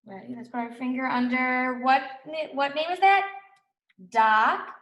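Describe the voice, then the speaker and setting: A young woman teaching a recorded reading lesson to small children, sounding out letters and words with steady encouragement. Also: high voice, unhurried, roomy sound.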